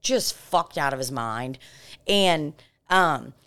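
A woman hosting a podcast, telling a story in a casual, animated and very profane way. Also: low-pitched, slow pace, clear, resonant tone. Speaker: podcast host.

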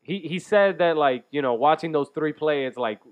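A man's voice: fairly high pitch, normal speed, clean tone, no room sound. A young man hosting a radio show, teasing his co-host in casual banter and swearing freely. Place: radio studio. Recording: slightly dull lo-fi sound.

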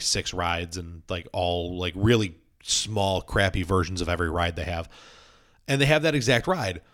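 A man's voice: deep voice, fairly bright tone. A young man, casually telling stories and filling his talk with "like". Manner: storytelling, heavy use of "like". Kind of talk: casual chat.

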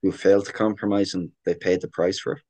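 A man's voice: low-pitched, little pitch movement, fast talker, mellow. A man with an Irish accent hosting a podcast interview, patiently rephrasing his questions. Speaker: podcast host.

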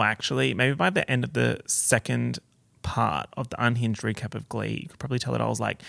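A man's voice: medium pitch, sing-song, normal speed, gravelly, a bit bright, dry recording. A man hosting a casual solo podcast, chatty and campy, full of slang and swearing, recorded on a portable recorder. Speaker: podcast host.

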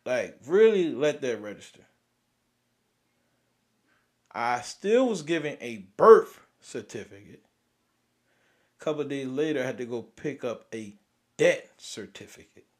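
A young man, hosting and venting about grief in a raw, profane way, swinging from loud outbursts to near-whispers. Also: mid-range voice, expressive, normal speed. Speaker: podcast host. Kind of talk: emotional personal venting.

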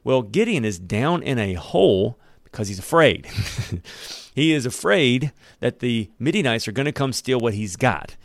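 Male pastor, gravelly, conversational sermon and scripture reading, dry close sound. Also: mid-range voice, no room sound. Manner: conversational, reads aloud and comments.

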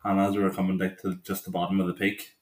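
A man's voice: low-pitched, monotone, fast, a little mellow, roomy sound, slight background noise. A young man, chatting casually as a podcast co-host and telling stories with plenty of swearing. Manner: swearing, storytelling, laughs often. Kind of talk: casual chat.

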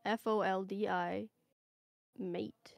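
A woman hosting a casual comedy game, easygoing and quick to giggle as she judges the rounds. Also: mid-range voice, fairly even intonation, creaky, no room sound, studio quality. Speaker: host.

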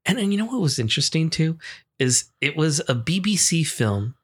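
A man with an American accent chats in a relaxed, offhand way. He is a podcast co-host trading movie talk, loose and casual, with the odd curse word. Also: fairly high pitch, normal speed, breathy edge. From United States. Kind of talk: casual chat.

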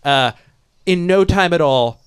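A man with a slightly high voice tells a story in loose, casual chat. He is animated and profane, and he breaks into laughs partway through his sentences. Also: unhurried, clear, resonant tone. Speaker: podcast host telling a story.

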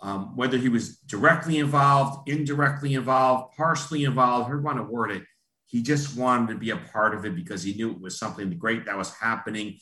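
A man answering as a podcast guest, reflective and halting, restarting as he hunts for the right phrasing. His tone is bright and forward, and the sound carries a noticeable roomy echo. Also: mid-range voice. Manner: halting, reflective, searching for words. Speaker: interview guest. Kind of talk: casual interview talk.

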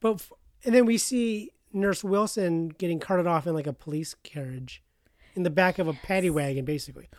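A woman's voice: lowish voice, a little fast, darkish tone, dry recording, studio quality. A woman co-hosting a casual podcast, rambling with many filler words. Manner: rambling, heavy use of "like". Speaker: podcast co-host. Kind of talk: casual chat.

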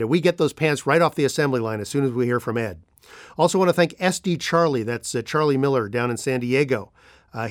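A male podcast host reading thank-yous and listener mail in a relaxed way, with many fillers. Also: medium pitch, no echo, studio quality.

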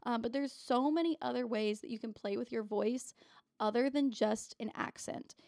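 A woman's voice: on the high side, normal speed, vocal fry, a little mellow, no room sound, studio quality. A woman co-hosting a podcast in casual chat, swearing freely and laughing easily. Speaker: podcast co-host.

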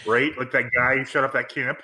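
A man's voice: mid-range voice, flat delivery, brisk, bright, forceful tone. A man co-hosting a comedy podcast, trading dry wisecracks and slipping into jokey voices. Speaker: podcast co-host. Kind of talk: casual comedy podcast chat.

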